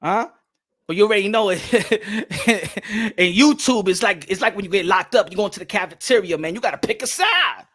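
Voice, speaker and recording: Boxing host, male, Dominican accent, rowdy and joking, bright and forceful voice. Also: high-pitched, expressive, fairly quick, slightly rough, dry recording, clean studio sound. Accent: Dominican Spanish. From Dominican Republic. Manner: playful, loud, switches between English and Spanish, laughs often. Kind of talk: casual live-stream chat.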